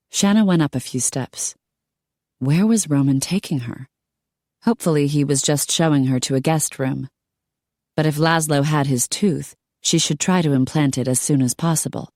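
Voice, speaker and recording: A woman narrating an audiobook in a steady storytelling manner. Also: sits low, normal speed, dry recording, clean studio sound. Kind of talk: scripted narration.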